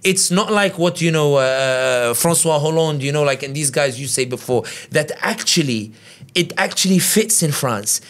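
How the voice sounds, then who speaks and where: A man from the United Kingdom giving lively conversational analysis as a podcast guest, often acting out quotes. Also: on the high side. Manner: animated, quick, acts out quotes in other voices. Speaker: guest commentator.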